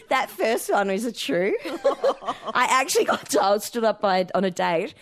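A woman's voice: medium pitch, big pitch swings, a little slow. A woman with an Australian accent, a comedian talking playfully and laughing often on a panel show. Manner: giggly, playful.

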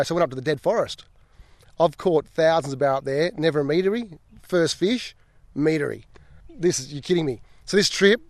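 A man's voice: on the high side, no echo. Laid-back Australian man spinning a yarn. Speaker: fishing guide. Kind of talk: casual anecdote.

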